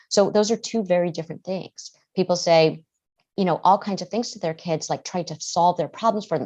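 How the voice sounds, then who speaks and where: Earnest woman, slightly low voice. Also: a little fast, a little mellow, lo-fi sound. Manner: earnest, acts out parent and child voices. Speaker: guest therapist. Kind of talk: podcast interview answers.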